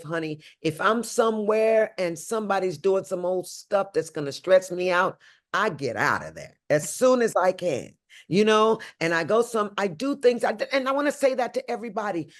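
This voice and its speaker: Expressive older woman, big swings in pitch. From St. Louis, USA. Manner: expressive, swinging from high exclamations to low hushed tones. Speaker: guest. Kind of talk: emotional interview talk.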